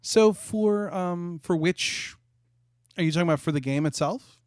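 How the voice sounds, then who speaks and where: Male guest developer, chatty, slightly high voice, dry close mic. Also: a little slow, darkish tone, smooth, no echo. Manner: chatty, restarts and self-corrects. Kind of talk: casual webinar answers.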